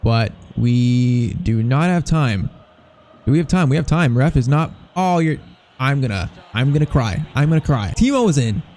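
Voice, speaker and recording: A young man commentating live as he plays a football video game, talking excitedly to the players on screen. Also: mid-range voice, normal speed. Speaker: gaming commentator.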